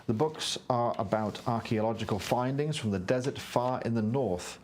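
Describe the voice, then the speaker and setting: Man reading board game text out loud, brisk and plain, mid pitch. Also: a little hiss or hum. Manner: brisk read-aloud, narrating the game's story text. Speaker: co-host reading a board game script aloud. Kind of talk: reading game text and casual play chat.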